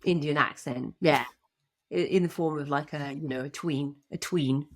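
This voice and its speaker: A woman's voice: low-pitched, normal speed. A woman co-hosting a podcast in casual chat, bubbly and gushing, laughing often. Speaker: podcast co-host.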